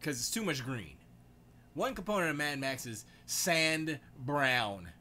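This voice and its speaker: A man's voice: on the high side, expressive, slow, pushed and bright, slight background noise. A man hosting a casual livestream, rambling and reading chat comments aloud as he goes. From United States. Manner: rambling, reads chat aloud, self-correcting. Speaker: livestream host.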